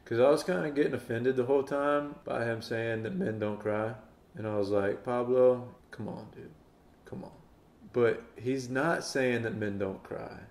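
A man talks casually through a music reaction, teasing and quoting the singer in put-on voices. His voice has a gravelly fry to it. The recording sounds roomy and echoey. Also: medium pitch, moderate pace. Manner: playful, mock-quotes the singer in put-on voices. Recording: roomy echo.

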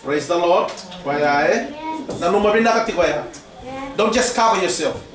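Preacher in an echoey hall. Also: male voice, high voice, animated, normal speed, crowd noise. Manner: peppers speech with "praise the Lord" and "eh?". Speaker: pastor leading mission training. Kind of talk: preaching sermon. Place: church hall. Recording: echoey church hall, mic far off.

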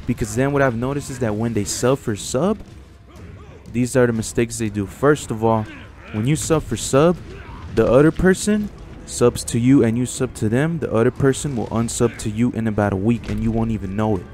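A man's voice: medium pitch, moderate pace, a little mellow, faint music behind. A young man in a blunt, profane casual rant to his viewers about online channels, getting heated as he talks. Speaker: YouTuber.

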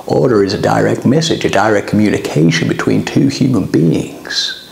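A man impersonating a grandiose, wordy celebrity who lectures in a fast, rambling way. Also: fairly low pitch, gravelly, roomy sound. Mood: lecturing.

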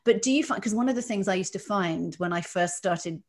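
A woman's voice: medium pitch, brisk, a little mellow. A middle-aged woman host with a British accent, chatting and asking long, rambling questions in a casual interview. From Ireland. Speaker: podcast host.

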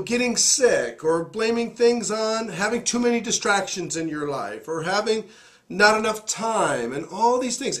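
A hoarse man, still getting his voice back, hosting an emphatic, preachy motivational talk into a studio mic. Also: high-pitched, fairly bright tone. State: hoarse, recovering voice. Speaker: host.

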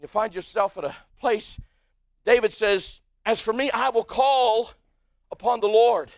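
High-voiced preaching American pastor. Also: male voice, unhurried, creaky, no echo. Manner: preaching with sudden shouted peaks and quiet asides. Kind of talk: sermon. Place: church sanctuary.

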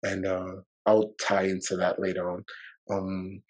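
This podcast guest speaks in a low, darkish monotone at a measured pace, and the recording quality is poor. His personal story wanders, full of fillers and curse words, and his emotion sometimes brings him near tears.

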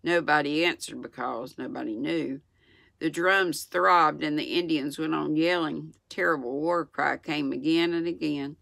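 A woman in her sixties with a Southern US accent, reading a children's book aloud in a gentle, unhurried way with small slips. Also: sits low, fairly even intonation, vocal fry, dry recording, clean studio sound. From United States. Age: 60s. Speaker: channel host reading aloud. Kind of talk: storybook read-aloud.

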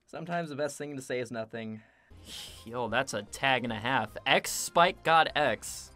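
A man giving casual gameplay commentary, excitable and self-mocking, quick to vent his frustration. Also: medium pitch, soft background music. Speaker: gaming video creator.

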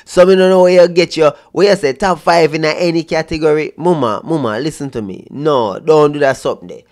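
A man's voice: a little high, a little fast, a little mellow. A man with a Jamaican accent, giving casual reaction commentary in an exasperated, mocking way. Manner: exasperated, mocking, patois-heavy. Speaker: vlogger reacting to clips.

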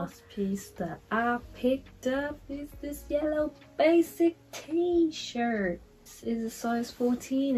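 A woman's voice: medium pitch, a little mellow, poor audio. A young woman chatting casually through a clothing try-on haul vlog, with lots of fillers. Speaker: fashion vlogger.

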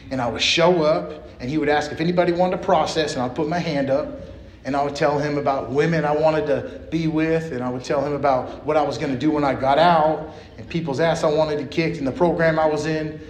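A man's voice: a little high, fairly even intonation, brisk, a little hiss or hum. Streetwise man telling his recovery story. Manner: casual, streetwise, peppered with "man" and "you know". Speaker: recovery meeting speaker. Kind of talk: personal recovery story at a meeting. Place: meeting hall. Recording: echoey meeting room with faint ambience.

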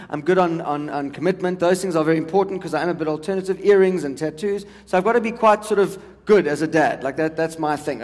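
A South African man in his forties doing a stand-up comedy set, chatty and teasing the crowd. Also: sits high. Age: 40s. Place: large hall on stage. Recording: long hall reverb.

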